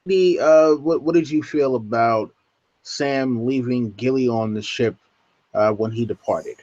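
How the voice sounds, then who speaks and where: A man's voice: mid-range voice, a little slow, warm tone, no room sound. A man hosting a casual book discussion podcast. He leads the talk loosely and swears freely. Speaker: podcast host. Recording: dull, dry lo-fi podcast audio.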